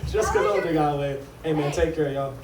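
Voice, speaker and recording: High-voiced man telling a rambling stand-up story. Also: fast, a crowd in the background. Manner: rambling, repetitive, confessional. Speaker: stand-up comedian. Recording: echoey room from far off.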